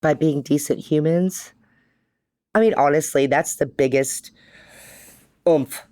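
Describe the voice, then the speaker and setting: A low-voiced middle-aged woman takes her time as a podcast guest in the studio, spinning casual stories full of quoted dialogue about life as a bar co-owner. She acts out the quotes with animation and leans on "like" often.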